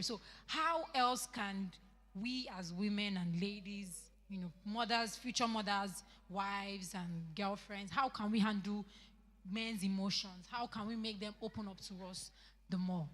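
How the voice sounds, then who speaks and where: A young woman with a Nigerian English accent speaks up at a church youth meeting, her talk chatty and rambling with a mid pitch. Her voice rings out with the long echo of a large church hall. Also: moderate pace, pushed and bright. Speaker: meeting moderator and questioner.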